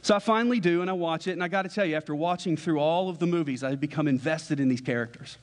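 A young man preaches in a slightly high voice, telling a story in a loose, conversational way. His words ring out with a long reverb, as if he is in a large church hall. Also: fast. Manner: casual storytelling, acts out quoted dialogue. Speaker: pastor. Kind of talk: sermon illustration. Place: church sanctuary.

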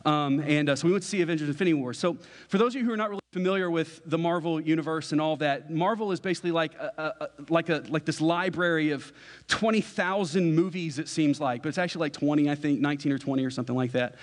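A young man preaches in a slightly high voice, telling a story in a loose, conversational way. His words ring out with a long reverb, as if he is in a large church hall. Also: fast talker. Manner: casual storytelling, acts out quoted dialogue. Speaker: pastor. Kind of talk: sermon illustration. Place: church sanctuary.

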